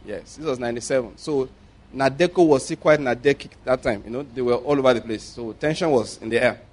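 A middle-aged Nigerian man preaching a sermon, telling stories and swinging between loud emphasis and quiet asides. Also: mid-range voice, fairly quick.

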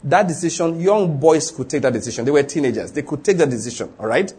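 A man's voice: on the high side, expressive, quick pace, a little mellow, slightly rough. A man with a Nigerian accent preaching a sermon, emphatic and full of rhetorical questions, acting out the people in his story.

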